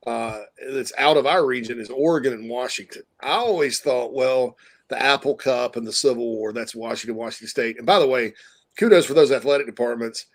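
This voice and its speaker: Rambling man on a video call. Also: medium pitch. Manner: rambling, with frequent restarts and asides. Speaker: guest commentator. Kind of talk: casual sports talk. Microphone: desktop mic on a video call.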